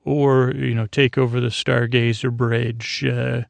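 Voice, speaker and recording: Sleep-podcast host, man, gravelly and monotone, rambling. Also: medium pitch, no echo. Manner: meandering, halting, many fillers. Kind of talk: sleepy bedtime episode recap.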